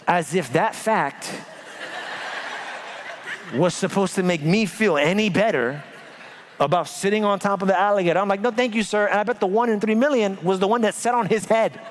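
A man preaching a sermon as pastor, telling stories with big swings from loud to hushed. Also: sits high, moderate pace, noisy background. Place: church.

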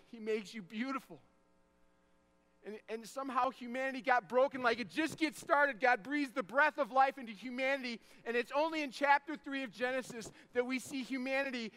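A man in his thirties preaching an energetic sermon, telling stories, shouting the punchlines and dropping soft for the tender moments. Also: high voice. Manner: animated, shouts punchlines, drops to soft tones for emotional moments.

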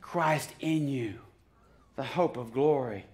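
A pastor preaching a sermon in a church, chatty and joking at times, then rising to loud, fervent exhortation. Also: male voice, medium pitch, takes it slowly. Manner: conversational preaching that swells to loud, shouted exhortation; joking asides and frequent restarts. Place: church sanctuary.

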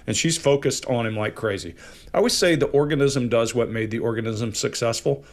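A man's voice: mid-range voice, fairly quick. A man analyzing body language on a panel show, emphatic and fond of acting out the speech patterns he describes.

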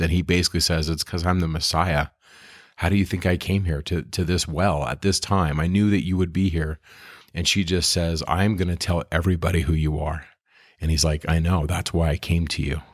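A man's voice: sits low, steady tone, moderate pace, dry recording, studio quality. A man co-hosting a casual scripture discussion, retelling stories earnestly and with enthusiasm. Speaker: podcast co-host.

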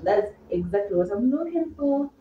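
Very animated and speaking at normal speed, a young Kenyan host keeps her Q&A with a friend light, giggly and teasing in a medium-pitched voice. It sounds phone-quality, echoey and hissy, picked up from a distant mic.

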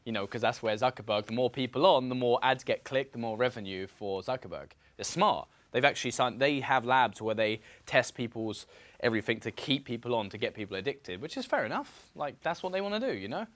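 A man coaching a room full of students at a seminar. His pitch moves around a lot as he talks, and he keeps checking in with "right?" and "you know?" as he goes. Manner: animated, repetitive, fillers like "right?" and "you know". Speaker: real estate mentor. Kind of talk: seminar talk to a group.

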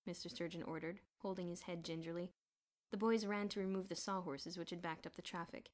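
A woman reading a children's novel aloud in a clear, even storytelling manner. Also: on the low side, a little fast. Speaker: audiobook reader.

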